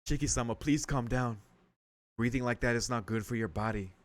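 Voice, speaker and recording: A polite young maid speaks with calm, formal softness, as a man reads her lines aloud. Her voice is quiet and gentle. The sound is dry and close, in a mid register. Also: medium pitch, brisk, no echo, lightly acted. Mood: worried.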